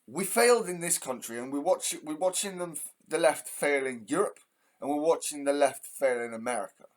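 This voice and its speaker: A man's voice: a little high, expressive, normal speed. An English man hosting a heated, profane ranting monologue. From England. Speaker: host.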